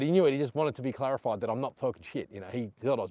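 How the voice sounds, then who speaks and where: A man's voice: medium pitch, racing, few pauses, a little mellow, no echo. A middle-aged Australian man chatting casually on a live stream, reading out viewer comments, with a lapel mic clipped to his chest. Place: outdoors on a beach.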